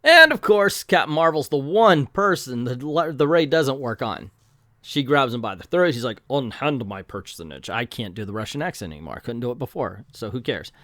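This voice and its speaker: A man hosting a channel, giving a sarcastic, animated commentary review of a comic book. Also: mid-range voice, brisk, no room sound.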